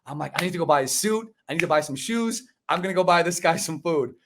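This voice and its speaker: A man's voice: a little high, fast talker, noisy background. A man in his forties, a guest telling his story in a casual interview over a video call, acting out voices and saying "bro" and "man". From United States (Chicago). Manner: animated storyteller, acts out quoted dialogue, says "bro" and "man". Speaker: podcast guest.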